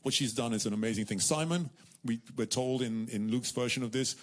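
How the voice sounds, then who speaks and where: A middle-aged man preaching a sermon, telling a story with lively repetition and acting out the voices of the people in it. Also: mid-range voice, brisk. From United Kingdom. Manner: animated storytelling, repeats words, acts out voices.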